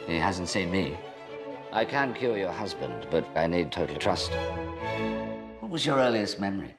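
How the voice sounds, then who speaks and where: An actor playing a calm, confident speech therapist who asks probing questions with dry humor. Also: male voice, sits low, normal speed. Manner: calm, probing, dryly teasing. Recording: film trailer clip over music.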